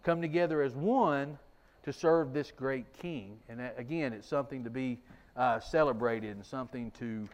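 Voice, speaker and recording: A man's voice: mid-range voice, normal speed. A man teaching a conversational Bible lesson, folksy and self-deprecating, often restarting his sentences.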